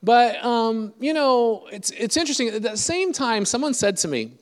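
A man's voice: very high-pitched, big pitch swings, normal speed. A middle-aged man preaching in a chatty, self-deprecating, humorous storytelling style. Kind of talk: storytelling sermon. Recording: echoey hall reverb.

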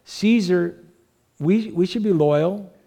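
A man's voice: slow pace, mellow. A man preaching a sermon in a conversational way, asking the congregation questions and lifting his voice to drive points home. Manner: conversational preaching with rhetorical questions, pitch rising when stressing points. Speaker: pastor.

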